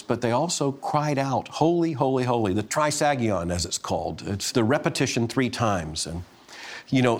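Middle-aged preacher, earnest, scripture reading and teaching, mid pitch. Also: male voice. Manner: reads scripture aloud, then explains it in an earnest teaching tone. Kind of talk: sermon.

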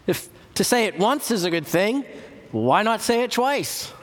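A man preaching a teaching sermon, slow and emphatic, repeating key words with long pauses. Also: high voice, big pitch swings, fairly bright tone. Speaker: church historian and lecturer. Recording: reverberant hall recording.

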